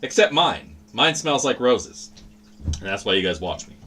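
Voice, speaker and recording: A man's voice: medium pitch, big pitch swings, moderate pace, bright, forceful tone, a little hiss or hum. A man hosting a livestream, chatting casually in a rambling, profane, laid-back way. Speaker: livestream host.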